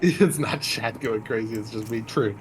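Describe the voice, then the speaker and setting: A man's voice: on the low side, moderate pace, slight background noise. Playful, goofy co-host man. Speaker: stream co-host. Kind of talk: casual stream chat.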